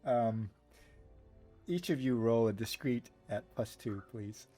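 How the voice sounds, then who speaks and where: A man's voice: medium pitch, slow pace, dark tone, soft background music. A man as game master, narrating a tabletop role-playing scene in a meandering, descriptive way with many fillers.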